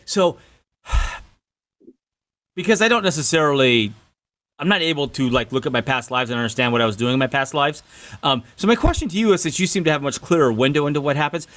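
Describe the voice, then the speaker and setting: A man with a fairly high voice and a very lively pitch asks a meandering question on a podcast. He sounds like a co-host thinking out loud as he goes. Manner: rambling, animated questioning. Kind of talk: podcast conversation.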